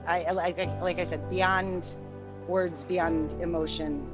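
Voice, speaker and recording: A middle-aged woman with a slightly low voice who talks very slowly. She hesitates and searches for words as she answers interview questions, with music clearly underneath. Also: steady tone, muffled recording. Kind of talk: documentary interview.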